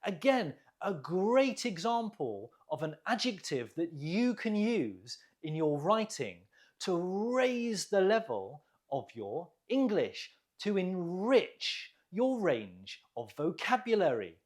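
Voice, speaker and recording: Patient ESL teacher: slow and deliberate, very expressive melody, clear careful enunciation, encouraging. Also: mid-range voice. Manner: deliberate, clearly enunciated, drills pronunciation with pauses for repeating; encouraging, gently praises learners. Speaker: English teacher. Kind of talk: online vocabulary lesson.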